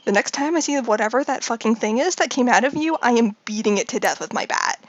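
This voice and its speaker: Woman as a sullen gang boss with a bat, tabletop game, threatening, high lively voice. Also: fast, dry recording, dull audio. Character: defiant bat-wielding gang leader.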